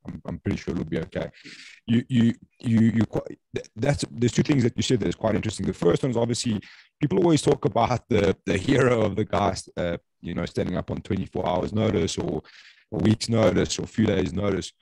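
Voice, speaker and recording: A man's voice: lowish voice, fairly quick, gravelly, a little mellow, poor audio. A man hosting a podcast interview, chatty and joking, with frequent restarts. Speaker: podcast host.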